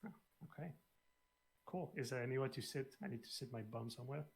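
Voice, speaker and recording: A man playing in a tabletop game, talking in halting, hesitant bits with a joking tone. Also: medium pitch, steady tone, vocal fry. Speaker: player. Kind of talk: casual tabletop play.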